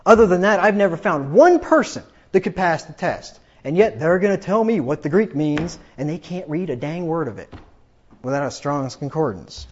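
A man preaching a combative, sarcastic sermon that builds to emphatic, drawn-out peaks. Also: a little high, very animated, lo-fi sound. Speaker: pastor.

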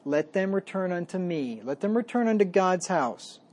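A man preaching a sermon, reading scripture slowly with emphasis and then explaining it in a plain, conversational way. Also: high-pitched, very animated, darkish tone. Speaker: pastor.

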